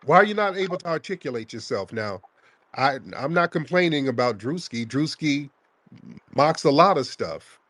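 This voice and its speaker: Male podcast host, heated and mocking on a call-in, animated voice. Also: fairly high pitch, moderate pace. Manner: combative, mocking, repeats questions. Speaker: podcast host taking calls.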